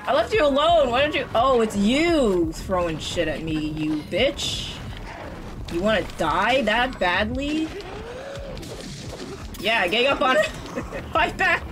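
A woman streaming a game live, excitable, talking back to the game, swearing and laughing as she plays. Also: on the high side, slow, long pauses, over music, rough recording. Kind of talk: live gameplay commentary.

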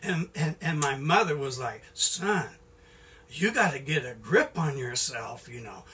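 A man's voice: medium pitch, animated, measured pace, pushed and bright, far from the mic, slight background noise. A middle-aged man giving an informal sermon in a folksy way, with many "you know"s and restarts. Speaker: preacher.

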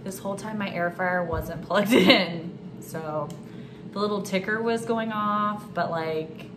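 A woman's voice: mid-range voice, measured pace, noisy background. A woman in her thirties chatting casually to her viewers in a food vlog, bubbly and talkative, recorded on her own camera in a car and then at home. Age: 30s. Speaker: food vlogger. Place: in a car at a drive-thru, then a home kitchen. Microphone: camera or phone recording herself.

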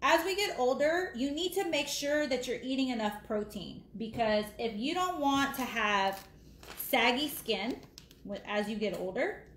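A woman's voice: high-pitched, expressive, measured pace, fairly bright tone. A middle-aged woman chatting casually while she cooks in her home kitchen, rambling between steps. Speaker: cooking vlogger. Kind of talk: casual live cooking chat. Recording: echoey room with faint noise.

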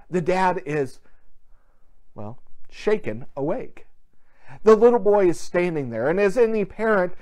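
A pastor preaching a sermon in an earnest, storytelling way, acting out quoted dialogue. The pitch rises and falls a great deal, so the delivery sounds animated. The service takes place without a gathered congregation.

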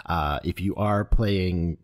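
A man co-hosting a live podcast who talks casually and explains tabletop tips at length in a measured way. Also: deep voice. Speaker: podcast co-host.

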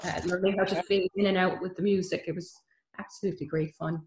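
A woman's voice: on the low side, steady tone, quick pace, a little mellow. A middle-aged woman, a guest on a video call, laughing often and restarting her sentences. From Ireland. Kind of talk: casual video call interview. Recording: echoey room on video call.

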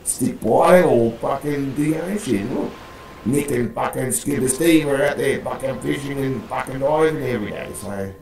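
A man's voice: medium pitch, normal speed, creaky, a little mellow, reverberant, a little hiss or hum, low-quality recording. A man playing a gang leader in a roleplay, rambling, swearing constantly and calling everyone mate. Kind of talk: in-character roleplay chat.

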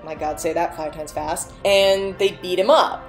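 A woman casually recapping and reviewing a TV drama, animated and swearing freely as she tells the story. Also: lowish voice, normal speed, soft background music. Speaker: show reviewer.

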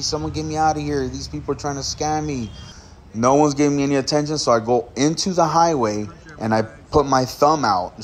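A man's voice: medium pitch, slight background noise. A man vlogger casually retelling a story to his viewers, acting out the dialogue as he goes. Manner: animated retelling, acts out dialogue.

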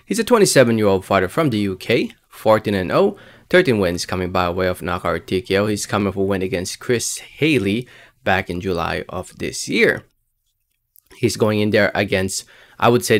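A man with a somewhat low voice chats casually to his viewers as he sizes up an upcoming boxing match. He hedges a lot, filling his pauses with "um" and "I think" as he reasons aloud. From Philippines or United States. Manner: conversational, hedging with fillers. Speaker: boxing fight predictor. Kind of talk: casual prediction vlog.

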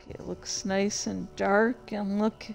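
Slow, chatty woman gaming host. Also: mid-range voice, little pitch movement, vocal fry, soft background music. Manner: chatty, self-deprecating, slow and halting. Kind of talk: casual gameplay commentary.

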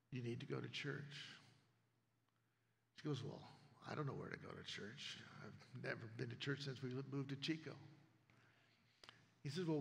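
A man's voice: medium pitch, vocal fry. A man preaching a sermon, telling stories and acting out other people's lines. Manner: storytelling, acts out neighbors' lines. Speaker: pastor. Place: church sanctuary. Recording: long reverb of a church hall.

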